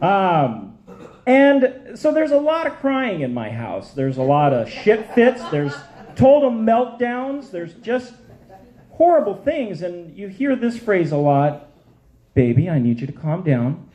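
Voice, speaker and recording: A man's voice: high-pitched, very animated, slow, a little mellow. A man in his forties doing a stand-up comedy set on stage, with punchy, self-mocking delivery. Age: 40s. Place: comedy stage before a live audience.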